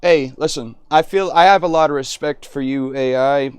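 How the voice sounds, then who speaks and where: A man on a live stream chatting with an AI, excitable and rambling, often cutting in. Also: a little high, moderate pace, smooth, dry recording.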